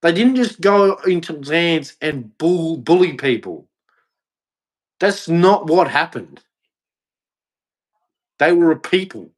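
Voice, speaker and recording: Australian man, fairly high voice, heated, blunt, repetitive, opinion rant. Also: lively intonation, slow, pauses often. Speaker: vlogger.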